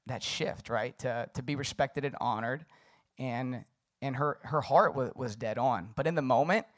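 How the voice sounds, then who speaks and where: A young adult man preaching a conversational sermon, loose and casual with many fillers. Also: mid-range voice. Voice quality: casual, filler-heavy delivery with frequent "like". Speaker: pastor.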